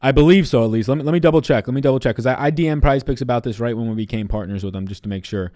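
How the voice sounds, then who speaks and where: A young sounding man in his twenties runs a live stream of fantasy basketball picks. He talks loosely and swears freely, reading out questions from the chat and answering them on the spot. His voice sits at an ordinary middle pitch for a man. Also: very fast, warm tone. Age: 20s.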